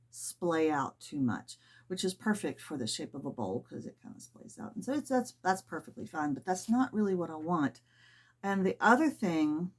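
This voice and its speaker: A middle-aged woman chatting casually and rambling a little as she works through a sewing project at home. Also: on the low side. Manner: chatty, rambling, soft-spoken asides. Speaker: sewing vlogger. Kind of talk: casual chat while sewing.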